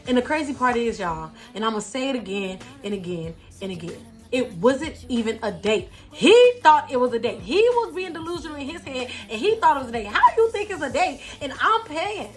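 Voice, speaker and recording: A young adult woman telling a storytime vlog in an animated, slangy way, talking straight to her viewers. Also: on the high side, brisk, few pauses. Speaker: vlogger.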